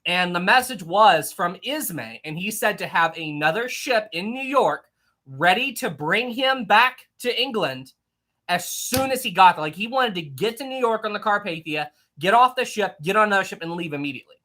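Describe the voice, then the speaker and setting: Bright-voiced young livestream host. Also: mid-range voice, expressive, normal speed. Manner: rambling, chatty, reading chat messages aloud. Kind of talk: casual livestream chat about history.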